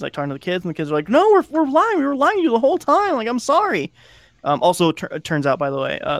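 Rambling podcast man, fairly high voice. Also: smooth, no echo. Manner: rambling, lots of "like" and restarts, acts out quoted lines. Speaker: podcast co-host. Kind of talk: casual chat, retelling a film plot.

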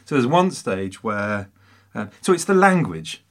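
A man hosting a casual film chat, talking in an animated, teasing way with theatrical emphasis. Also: medium pitch, measured pace. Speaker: podcast host and stand-up comedian.

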